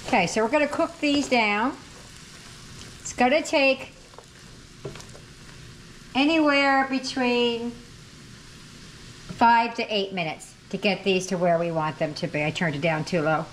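A woman's voice: fairly high pitch, a little slow, pauses often, slight background noise. A woman hosting a home cooking video, chatting casually and correcting herself as she cooks in her kitchen. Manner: chatty, self-correcting, talks while cooking. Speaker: cooking channel host. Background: frying and sizzling.

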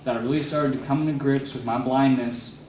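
A man's voice: medium pitch, steady tone, brisk. A young man giving a rambling, self-mocking speech to a youth group and taking questions from the audience. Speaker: motivational youth speaker. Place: large room before a youth group audience. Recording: echoey room, mic at a distance, crowd noise.

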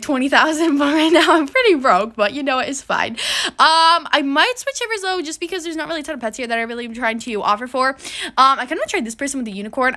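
A young woman giving casual gameplay commentary as a YouTuber, bubbly and excitable, gushing thanks to viewers. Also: a little high. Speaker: gaming YouTuber. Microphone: desk mic while doing her nails.

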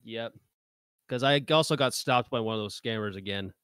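Smooth-voiced rambling guy, dry and close. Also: fairly low pitch, normal speed, fairly bright tone, no echo. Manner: rambling, many fillers like "you know" and "like". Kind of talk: casual podcast chat.

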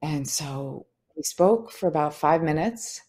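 A woman's voice: deep voice, expressive, unhurried, warm tone. A woman author talking as a podcast guest, thoughtful and searching, with many "like" and "you know" fillers. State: tearing up. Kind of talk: reflective conversational interview.

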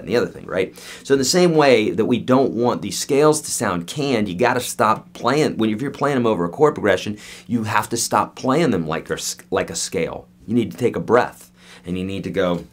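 A man giving a casual guitar lesson, chatty and joking, with animated asides. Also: fairly low pitch. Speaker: guitar teacher.

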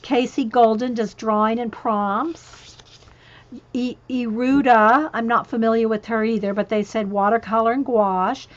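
A woman's voice: a little high, steady tone, unhurried, highs cut off. A woman talking casually on a home craft livestream, rambling and chatty, her voice getting worn. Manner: chatty, rambling, breaks off to talk to her cat. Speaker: craft vlogger reading a list of channels. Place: home craft room with a ring light.

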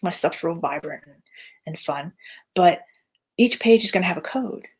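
A woman's voice: fairly low pitch, animated, normal speed, darkish tone, a little hiss or hum. A woman artist casually chatting on a livestream, rambling with lots of fillers and restarts. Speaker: artist hosting a live chat.

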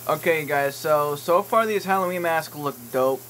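A man talks casually to his viewers and rambles through jokey asides as he reads listings aloud. His voice sits a little high, with a bright, forceful edge. Faint noise is heard behind him. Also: moderate pace, low-quality recording. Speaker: YouTube vlogger. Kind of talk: casual vlog commentary while browsing online.

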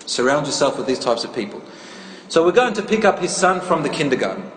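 A man lecturing to a live audience in a big reverberant hall, his fairly high voice carrying with a long echo. He tells stories, quizzes the crowd and drops in Arabic phrases. A faint hum of ambience sits under him. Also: sing-song, quick pace, fairly bright tone. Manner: storytelling, asks the audience questions, mixes in Arabic phrases. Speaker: Islamic lecturer. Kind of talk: interactive Islamic lecture to an audience.

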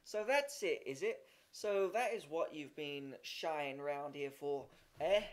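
A man's voice: on the high side, slow. A man voicing an irritable, grumbling female cook who scolds sharply, in an amateur audiobook reading. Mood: scolding.

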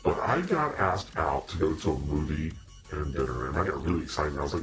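Male streamer, very deep, lively swings, joking and mock-preachy, casual chat. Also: fairly quick, over music. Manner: playful, joking, laughs often, mock-preachy. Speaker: costumed demon-character livestreamer.

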